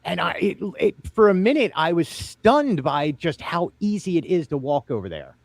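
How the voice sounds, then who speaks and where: Male host, casual group chat, lively and higher-pitched, dry close sound. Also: moderate pace, no echo. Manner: animated, laughs often, steers the talk. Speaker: podcast host.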